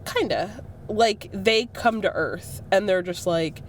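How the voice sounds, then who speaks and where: A woman's voice: medium pitch, expressive, takes it slowly, hardly any pauses, a little hiss or hum. A young woman co-hosting a podcast, teasing and playful, talking casually with lots of "like.". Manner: playful, teasing, heavy use of "like". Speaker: podcast co-host. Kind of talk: casual chat.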